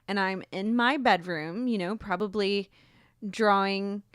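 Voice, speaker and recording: A woman's voice: mid-range voice, measured pace, fairly bright tone, smooth, dry recording, clean studio sound. A woman from Alabama, co-hosting a podcast, telling a rambling story in casual chat and laughing often. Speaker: podcast co-host.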